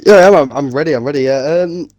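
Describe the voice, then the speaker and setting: A man co-commentating on a racing stream, previewing the season in a measured, casual way. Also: on the high side, a little mellow.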